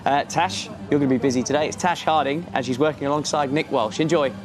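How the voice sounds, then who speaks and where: A man's voice: fairly high pitch, fast talker. A man hosting a pre-match football show, chatty and jokey. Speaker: sports show host.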